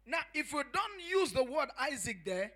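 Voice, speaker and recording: High-voiced man preaching emphatically. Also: sing-song, normal speed. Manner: emphatic preaching, rising to shouts on key phrases; repetitive, drives points home with rhetorical questions. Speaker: pastor. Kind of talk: sermon.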